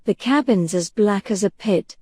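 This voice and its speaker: A woman voicing a frightened male pirate sailor in a soft bedtime audiobook reading, with a hollow, shaken manner. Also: medium pitch, normal speed, husky, dry recording, clean studio sound, close to an everyday voice.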